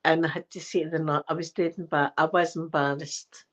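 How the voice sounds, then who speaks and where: A middle-aged woman with a Scottish accent chatting warmly and emotionally to her viewers, close to tears and short of breath. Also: low voice, level tone, fairly quick. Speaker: ASMR channel host. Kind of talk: casual heartfelt chat to viewers. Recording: dull lo-fi recording.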